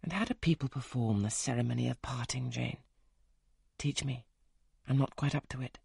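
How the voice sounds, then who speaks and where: A man reading as a gruff, teasing gentleman. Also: medium pitch, normal speed, dry recording, studio quality. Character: brusque, teasing wealthy older gentleman. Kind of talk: audiobook character reading.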